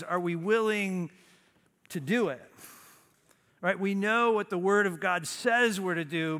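A man preaching a sermon as a pastor, emphatic, with dramatic pauses and sudden drops to a low, quiet voice. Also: big-room sound.

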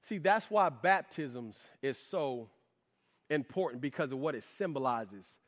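A man preaching a sermon in a lively, conversational way with casual slang asides. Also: mid-range voice, unhurried. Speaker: pastor. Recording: reverberant hall.

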